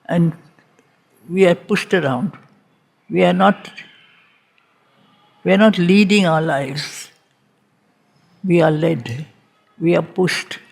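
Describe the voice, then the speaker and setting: Woman teacher, reading-group lecture, unhurried, repeats lines for weight, gravelly tone. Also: lowish voice, a little mellow. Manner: deliberate, repeats phrases for emphasis. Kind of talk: slow spiritual lecture on poetry.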